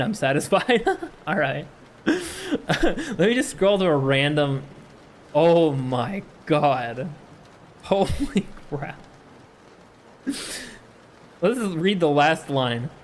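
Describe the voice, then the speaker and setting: A man hosting a relaxed live stream, chuckling through chat messages and dry asides. His voice sits a touch higher than most men's, with faint rain pattering in the background. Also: a little hiss or hum. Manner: laughs often, reads chat aloud, amused. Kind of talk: casual live-stream chat and poetry reading.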